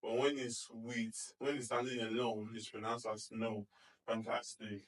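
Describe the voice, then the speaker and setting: Male phonics teacher, mid-pitched, encouraging and repetitive, recorded a little distant from the mic. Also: flat delivery. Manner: sounds out letters slowly, praises often with "fantastic"; checks in with repeated "okay?" and "do you understand?". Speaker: reading teacher. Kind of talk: phonics lesson.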